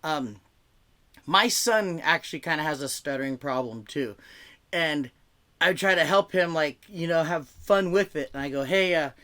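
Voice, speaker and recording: A man with a bright, forceful, animated voice on the high side performs stand-up over a video call mic at a moderate pace. His set is casual and rambling, conversational, with heaps of "like" and restarts.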